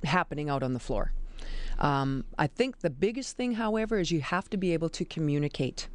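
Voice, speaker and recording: Lively woman telling stories. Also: low-pitched, a little fast. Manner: lively, animated storytelling with laughter. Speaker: guest, basketball referee and teacher. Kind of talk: radio interview. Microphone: studio microphone.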